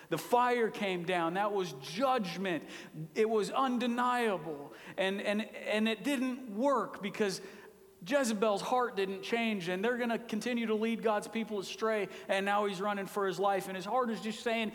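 A man preaching a sermon, retelling a scripture story with dramatic shifts between pleading outbursts and hushed whispers. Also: sits high, unhurried. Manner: dramatic retelling, acting out voices with loud pleas and hushed whispers. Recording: long hall reverb.

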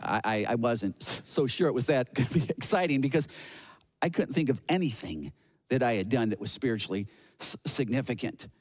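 A man tells a sermon story in the first person, animated and prone to stumbling and restarting his words. His voice sits in an ordinary middle register. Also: medium pitch, a little fast.

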